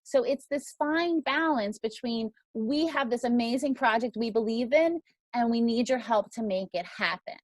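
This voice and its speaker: A woman's voice: a little high, moderate pace, no echo. A woman teaching a crowdfunding class, upbeat and emphatic. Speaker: crowdfunding instructor.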